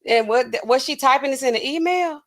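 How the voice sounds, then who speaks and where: A woman pharmacist hosts a casual livestream, chatting animatedly with her viewers and using plenty of fillers. Her voice sits high and she speaks briskly.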